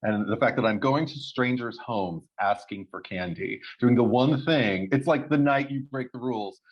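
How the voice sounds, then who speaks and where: A man co-hosting a casual podcast chat, telling stories in an animated way and swearing freely. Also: moderate pace. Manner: animated storytelling, jumps high for quoted voices. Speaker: podcast co-host. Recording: slightly dull lo-fi sound.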